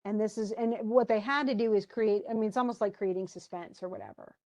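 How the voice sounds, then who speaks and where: An animated woman walks through a book chapter in a casual, conversational way. She speaks at a middle pitch and sounds like a teacher talking to her students. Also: fast talker.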